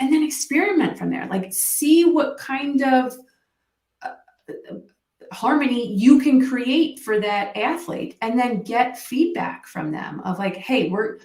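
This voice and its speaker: Woman, mental performance coach, podcast guest, lively storyteller, acts out quotes, echoey room. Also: high-pitched. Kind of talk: podcast interview guest, casual chat.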